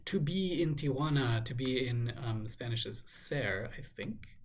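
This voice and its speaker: A man thinking aloud in a measured, musing way as he works through a crossword, now and then correcting himself. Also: medium pitch, animated. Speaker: crossword solver. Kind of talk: thinking aloud while solving a puzzle.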